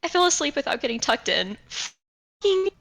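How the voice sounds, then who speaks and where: A drowsy, pouty young adventurer girl who mumbles her complaints, as a woman puts her on. Her voice sits high and swings widely, bright and unhurried. A tabletop game character. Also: very animated, gravelly, faint music behind, exaggerated voice. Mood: groggy, pouty. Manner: mumbling, whiny.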